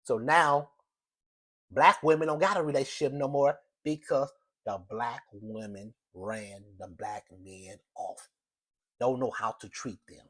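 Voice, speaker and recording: A man's voice: mid-range voice, unhurried, fairly bright tone. Emphatic man delivering a rambling monologue. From United States. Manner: emphatic, repetitive, rambling with restarts. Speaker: show host. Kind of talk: opinionated solo monologue.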